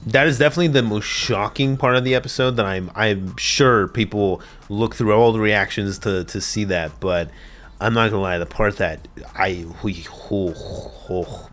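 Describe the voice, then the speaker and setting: A man's voice: on the low side, a bit bright. A man hosting an anime reaction video, chatting casually, swearing and laughing often as he rambles with lots of fillers.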